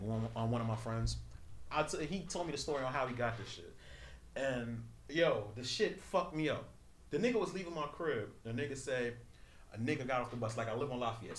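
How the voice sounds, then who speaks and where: A man's voice: medium pitch, a little hiss or hum. A man hosting a podcast, telling rambling street stories in heavy slang with lots of fillers. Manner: loose storytelling, New York slang, fillers. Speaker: podcast host. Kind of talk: casual chat.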